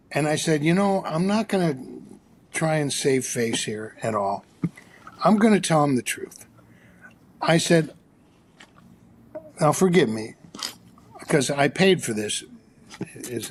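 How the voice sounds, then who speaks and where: A psychologist and author, a man, telling an animated anecdote as a podcast guest, with frequent restarts. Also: mid-range voice, slight background noise. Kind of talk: storytelling in a podcast interview.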